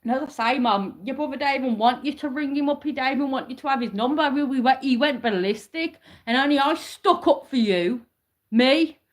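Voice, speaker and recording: A woman's voice: high-pitched, a little fast. A woman ranting to camera in a heated, rambling way, swearing and asking the same questions again and again. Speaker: vlogger.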